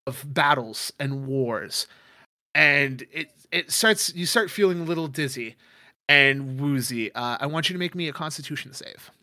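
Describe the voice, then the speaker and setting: A man's voice: mid-range voice, normal speed, pushed and bright, dry recording, clean studio sound. A man narrating a tabletop game as game master, rambling with many fillers.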